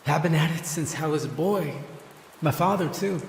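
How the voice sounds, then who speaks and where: A man voicing a trapped ghostly coal miner who talks softly, tired but hopeful, in a horror story narration. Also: a little high, normal speed, vocal fry, echoey room, long reverb tail, a little hiss or hum, voice pushed up. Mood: calm, homely. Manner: soft, weary and gentle.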